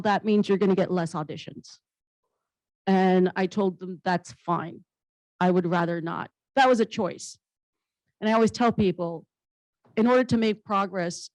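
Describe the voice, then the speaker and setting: A comedian and actress on a panel tells stories candidly and bluntly, with humor and casual swearing, in conversational fashion. Her mid-range voice is a little mellow; the audio has no echo but is of poor quality.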